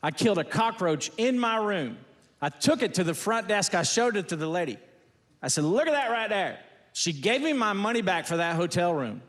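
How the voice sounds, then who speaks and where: A man's voice: sits high, lively intonation, moderate pace, fairly bright tone, in a large hall. A man performing a stand-up routine, firing off folksy one-liners on stage before a laughing audience. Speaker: stand-up comedian.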